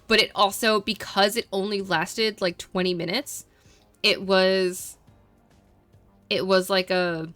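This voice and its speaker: A woman's voice: medium pitch, level tone, takes it slowly, a bit bright, dry recording, soft background music. A young adult woman streamer chatting casually with viewers, rambling and repeating herself, filling with "like".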